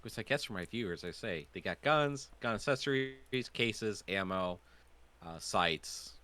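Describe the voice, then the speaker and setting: Male game master, lively, rambling, casual. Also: fairly low pitch, measured pace, smooth. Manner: casual, rambling, thinking aloud. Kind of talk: running a tabletop game on a stream.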